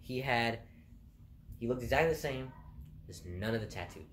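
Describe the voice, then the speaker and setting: A man's voice: medium pitch, normal speed. Young man telling work stories, laughing. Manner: laughing, animated and profane. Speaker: vlogger. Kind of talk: casual storytelling. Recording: roomy with faint background noise.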